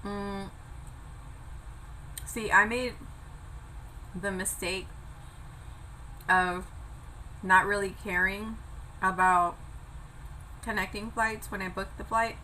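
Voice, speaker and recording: A woman's voice: mid-range voice, steady tone, slow pace, pauses often, pushed and bright, a little hiss or hum, rough recording. A young woman chatting casually while eating on camera, telling a travel story and swearing now and then. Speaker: vlogger. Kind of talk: casual mukbang chat.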